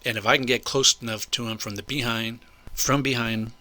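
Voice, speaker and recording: A man's voice: mid-range voice, fairly even intonation, brisk, bright, forceful tone. An older man telling a story in a casual, rambling way, indignant and full of asides. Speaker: vlogger recounting a personal incident.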